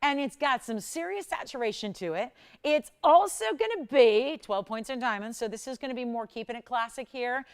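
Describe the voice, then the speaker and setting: A woman hosting a live shopping channel, chatty and animated as she pitches jewelry and prices. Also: clean tone. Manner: animated, chatty, sells with rapid price talk. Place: television studio.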